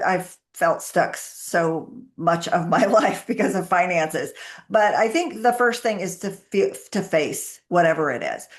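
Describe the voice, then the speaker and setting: A middle-aged woman, a guest on a business podcast, answering questions with candid personal stories and acting out what people said. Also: medium pitch. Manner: candid storytelling, acts out her own quoted dialogue. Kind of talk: conversational interview answers.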